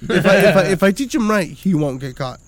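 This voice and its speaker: A middle-aged man with a rather high voice rambles through stories in a loose, drunken podcast chat. His talk is full of swearing, and he keeps circling back to the point. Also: lively intonation, a little fast, crowd noise. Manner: profane, rambling storytelling. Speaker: podcast host.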